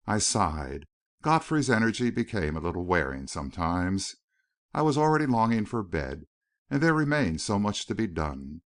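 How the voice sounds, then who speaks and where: Male audiobook narrator, low voice, lively intonation, measured first-person reading.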